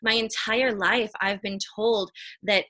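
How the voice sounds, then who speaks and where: A high-energy woman with a bright, forceful voice talks earnestly as a guest in a relaxed interview. She moves along quickly and keeps her tone lively. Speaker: human design reader, podcast guest. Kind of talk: casual interview chat.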